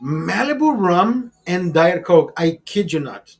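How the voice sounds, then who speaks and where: A man in his fifties telling a personal story in a profane, rambling, animated way, full of restarts. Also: high voice, takes it slowly, vocal fry, soft background music. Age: 50s. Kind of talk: casual storytelling.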